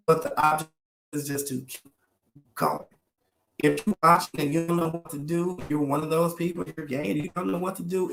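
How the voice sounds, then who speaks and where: A man's voice: a little high, creaky, reverberant. A man, talking to camera about his own life in an emotional, preacherly way and calling his viewers y'all. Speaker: vlogger sharing his life story. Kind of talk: heartfelt personal vlog to camera.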